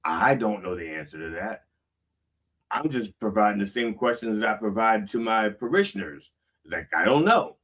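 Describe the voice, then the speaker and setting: A man's voice: fairly low pitch, sing-song, moderate pace, fairly bright tone, distant mic. A man preaching a casual sermon, reading song lyrics aloud and explaining them with frequent "okay?" checks. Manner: conversational, reads lyrics aloud then unpacks them. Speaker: pastor.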